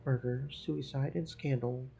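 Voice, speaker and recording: A man voicing a young newsboy with a quick salesman's patter. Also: mid-range voice, fairly even intonation, creaky, warm tone, slight background noise. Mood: eager. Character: eager newsboy selling lurid papers.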